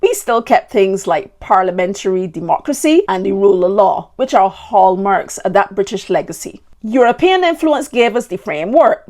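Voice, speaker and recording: A woman's voice: mid-range voice, very animated, moderate pace, few pauses, a little mellow. A woman from Barbados with a Bajan accent, hosting a podcast and sharing her ancestry in an emotional, heartfelt way. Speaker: podcast host. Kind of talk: personal heritage talk.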